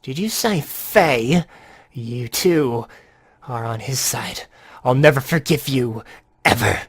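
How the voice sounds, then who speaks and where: A man voicing an unhinged, vengeful male commander who rants and shouts slowly. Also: mid-range voice, lively intonation, breathy edge, no echo, studio quality. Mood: seething. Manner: slow, shouted ranting.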